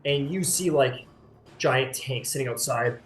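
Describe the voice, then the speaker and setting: A man's voice: medium pitch, measured pace. A man narrating a tabletop game as game master, in a loose, rambling way with lots of fillers. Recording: roomy sound with faint music.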